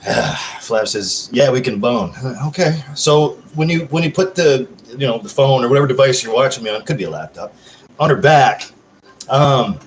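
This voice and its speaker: A man's voice: a little high, slight background noise. Male streamer, casual home live-stream chat, crude and joking with viewers.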